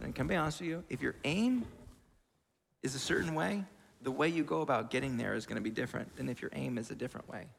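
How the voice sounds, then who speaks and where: A man preaching a sermon in a lively, conversational way, with asides, in a church hall. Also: on the high side, creaky, slight background noise. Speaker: pastor. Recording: long church reverb.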